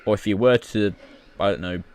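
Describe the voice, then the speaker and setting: A man's voice: lowish voice, fairly quick, darkish tone, clean tone. A British man who is a YouTuber, rambling through casual gaming commentary full of fillers and restarts.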